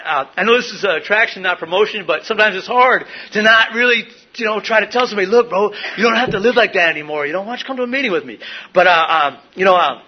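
A man's voice: sits high, breathy edge, lo-fi sound. A middle-aged man sharing his recovery story at a meeting, rambling with many fillers and restarts. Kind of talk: personal recovery share. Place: meeting room.

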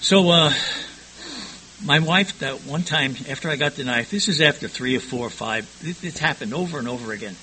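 Older guy rambling through his own story, frank, trips over his words, kinda high tense voice. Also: normal speed, pushed and bright, slight background noise, poor audio. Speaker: storyteller recounting his past. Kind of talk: personal testimony storytelling.

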